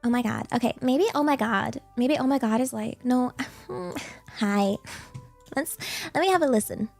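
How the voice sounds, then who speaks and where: A woman's voice: fairly high pitch, lively intonation, moderate pace, gravelly, a little mellow, soft background music. A bubbly young woman VTuber chatting casually on a livestream, slipping in Japanese phrases. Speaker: VTuber streamer.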